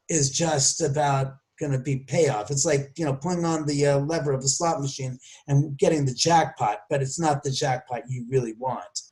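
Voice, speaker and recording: A man with a fairly high voice tells a story as a podcast guest. He is animated and acts out the voices of the people he quotes. He often restarts and corrects himself as he goes. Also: normal speed. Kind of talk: storytelling interview.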